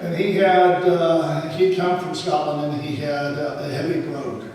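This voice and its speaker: A high-pitched Southern man, heard from across a big echoing lodge hall, gives a slow, folksy, rambling talk full of little fillers. The long reverb keeps his words hanging in the room. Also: fairly even intonation, darkish tone. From American South. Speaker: speaker at a Masonic lodge dinner. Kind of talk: speech and sung poem recital. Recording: roomy hall, voice from far off.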